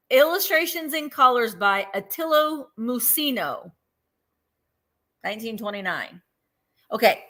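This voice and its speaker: A chatty woman hosts a live vintage sale. Her voice sits fairly high and rings bright and forceful. She talks casually and walks through every item in detail. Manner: chatty, laughs easily, describes items in detail. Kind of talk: casual live-stream selling.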